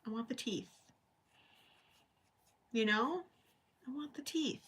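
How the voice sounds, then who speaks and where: A woman's voice: on the high side, slow pace, a bit bright, breathy edge. A woman hosting a crochet livestream at home, rambling and thinking aloud as she works and chats with viewers. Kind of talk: casual chat while crocheting, reading live chat.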